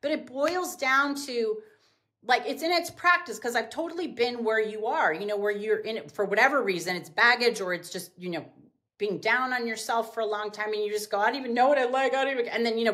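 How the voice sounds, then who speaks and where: Animated high-voiced businesswoman telling stories. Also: brisk. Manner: animated, acts out quotes with big pitch jumps. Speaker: podcast guest, business owner. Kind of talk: casual storytelling in an interview.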